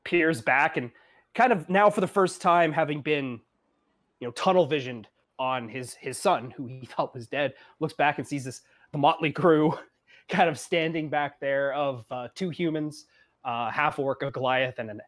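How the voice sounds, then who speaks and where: A man's voice: fairly high pitch, normal speed, fairly bright tone. A man from Canada narrating a tabletop game as game master, loose and laughing often.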